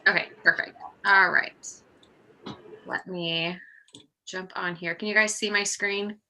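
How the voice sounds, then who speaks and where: A woman's voice: mid-range voice, steady tone, slow, pushed and bright, a little hiss or hum. A woman in her thirties, slightly out of breath, presenting casually on a video call with an upbeat, chatty manner and frequent ums. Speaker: guest presenter, project manager. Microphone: computer mic on a video call.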